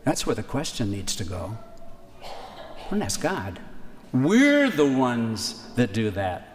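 A man delivering a sermon in a church. His voice sits at a middle pitch and carries a long reverb from the hall, with faint ambience behind it. He talks conversationally and slows down to repeat key lines for emphasis. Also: wildly swooping pitch, a little hiss or hum. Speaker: preacher.

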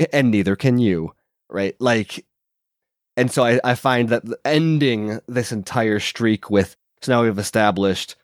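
A man's voice: mid-range voice, no room sound, studio quality. A man co-hosting a podcast, talking through a film scene and thinking aloud with restarts. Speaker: podcast co-host. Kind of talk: casual film discussion.

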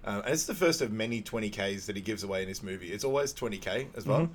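A man with a fairly low voice chats casually on a podcast, recapping a movie scene by scene. He sounds relaxed, chuckles often and fills gaps with plenty of ums. A faint noise runs underneath. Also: fast talker. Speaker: podcast co-host. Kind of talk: casual chat recapping a film.

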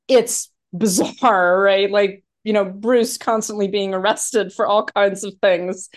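A woman's voice: medium pitch, steady tone, slow. A woman in a casual film discussion, talking animatedly with many restarts and fillers.

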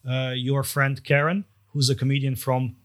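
A man's voice: medium pitch, level tone, normal speed. Dry, teasing comedian man. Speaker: podcast co-host, stand-up comedian. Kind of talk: casual chat.

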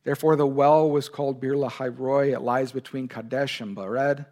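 A man's voice: mid-range voice, steady tone, moderate pace, darkish tone. A male pastor delivering an earnest sermon, stressing key words and speaking God's lines with feeling. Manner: earnest preaching, voices God's words with emphasis.

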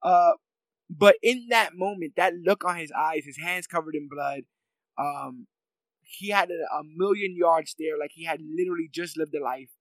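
A man's voice: fairly high pitch, normal speed, fairly bright tone, no echo, poor audio. A man in casual chat, rambling with many fillers and laughs as he talks through a favorite scene.

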